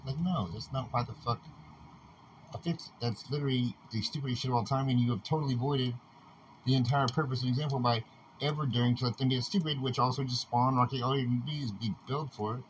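Man, mid-pitched voice, profane rambling rant, agitated, noisy background ambience. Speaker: podcaster.

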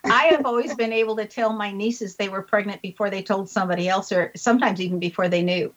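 An older woman hosts a casual interview in a friendly, conversational way. Her pitch is middling. The audio is muffled and lo-fi. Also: steady tone, fast talker. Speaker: podcast host.

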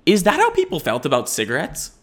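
A man's voice: a little high, huge pitch swings, quick pace, fairly bright tone. A man in his twenties hosting a podcast, rambling in goofy, profane chat and slipping into silly voices. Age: 20s. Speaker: podcast host.

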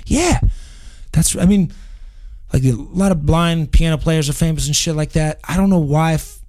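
Easygoing host, somewhat higher male voice, swears constantly and says "dude" a lot. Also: normal speed, a little mellow. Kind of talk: casual chat.

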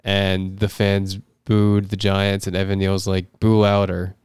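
A man with a fairly low, very smooth voice, recorded dry and close. He co-hosts a podcast, telling a story with plenty of pauses and fillers. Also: completely flat delivery, a little mellow, dry recording. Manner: rambling, hesitant with fillers. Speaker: podcast co-host. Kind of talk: casual chat.

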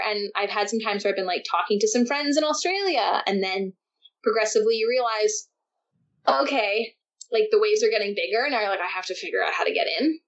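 A young woman guest on an interview, telling surf stories in a lively, animated way with frequent laughs. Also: on the high side. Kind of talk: casual interview chat. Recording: dull lo-fi sound.

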